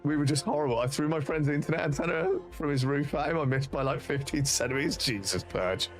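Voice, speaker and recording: A man's voice: fairly high pitch, fast, faint music behind. A man with a British accent, a streamer casually telling rambling, sweary anecdotes and laughing at them. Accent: British English. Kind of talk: casual storytelling on a live stream.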